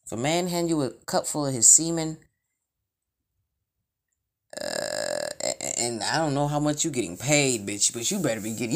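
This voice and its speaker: Brief: woman, low voice that swings widely in pitch, blunt and profane, rambling casual monologue. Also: big pitch swings, moderate pace, gravelly, long pauses. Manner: mimics sounds with shrill outbursts. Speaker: vlogger.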